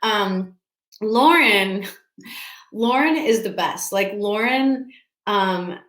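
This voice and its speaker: An actress answering fan questions at a casual virtual panel from home, talking in a chatty, scattered way with lots of restarts and laughs. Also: female voice, medium pitch, drawn-out words, fairly bright tone. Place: room at home. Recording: echoey room.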